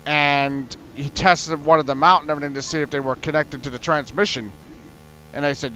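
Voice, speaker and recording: A man's voice: a little high, fairly even intonation, fairly quick, pushed and bright, highs cut off, slight background noise. A man telling a long story in casual chat, rambling with many fillers and frequent swearing. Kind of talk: casual storytelling on an open voice panel.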